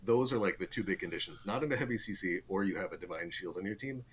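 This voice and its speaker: Low-voiced man explaining eagerly. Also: fast, a little hiss or hum. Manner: animated explaining, chuckles often. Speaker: guest pro player. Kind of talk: casual podcast chat.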